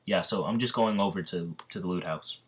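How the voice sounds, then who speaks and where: A man's voice: low-pitched, a little fast, a little hiss or hum. A man casually retelling an imagined story, rambling with many ums and restarts. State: slightly out of breath. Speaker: fan narrating an imagined crossover story.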